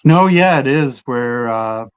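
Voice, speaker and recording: A man with a Minnesotan accent hosting a casual interview, asking questions in a relaxed way with many fillers. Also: mid-range voice, slow, clear, resonant tone.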